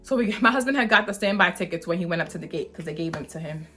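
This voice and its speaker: A mother hosting her own channel, telling a storytime with emphatic, animated delivery and frequent "like". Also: on the low side, fast talker, soft background music. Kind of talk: storytime vlog.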